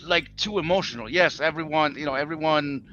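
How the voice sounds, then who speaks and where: A man on a live-stream panel debate who talks in halting restarts and swears. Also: on the high side, a crowd in the background. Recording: slightly muffled mic with faint hiss.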